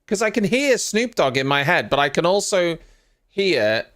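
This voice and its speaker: A man's voice: high-pitched, big pitch swings, normal speed, a bit bright. A man hosting a live stream, giving casual, rambling reaction commentary and often poking fun at himself. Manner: rambling, self-mocking, chatty.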